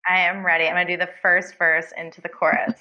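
A woman guest on a podcast, chatting casually with quick, enthusiastic reactions. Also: lowish voice, little pitch movement, muffled recording.

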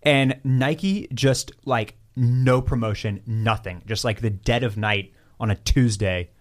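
Halting man hosting a casual chat. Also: medium pitch. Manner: halting, restarts questions, conversational. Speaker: podcast host.

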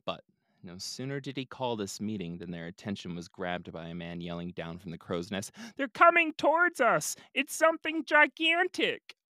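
A low-voiced man hosts a podcast on a dry recording. He retells a story in a casual, laid-back way, sprinkling in joking asides.

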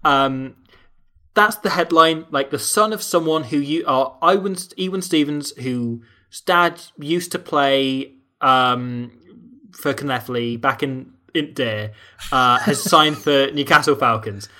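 A man's voice: medium pitch, slow pace, sharp tone. A man hosting a podcast, joking and laughing often in casual chat. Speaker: podcast host.

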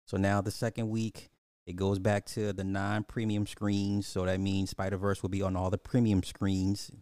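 A man's voice: sits low, completely flat delivery, normal speed, a little mellow, clear, resonant tone, no echo, studio quality. A man hosting a casual live podcast, rambling through movie box office talk and answering chat comments with frequent restarts.

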